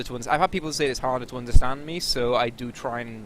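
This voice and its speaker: A man's voice: mid-range voice, fast, fairly bright tone, a little hiss or hum. A young man with a Welsh accent chatting on a podcast, explaining himself eagerly over a voice-call headset mic. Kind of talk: casual podcast chat.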